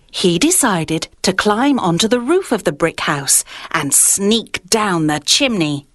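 A woman's voice: medium pitch, fairly bright tone, no room sound, clean studio sound. A woman reading a children's story aloud in a sing-song storytelling manner on a kids' radio show.

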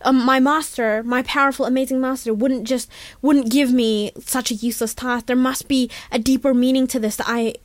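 A woman playing a solemn young sword disciple, a devoted man who speaks in formal, dutiful lines to his master. The voice sits fairly high and sounds close and dry. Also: steady tone, normal speed, dry recording, natural voice.

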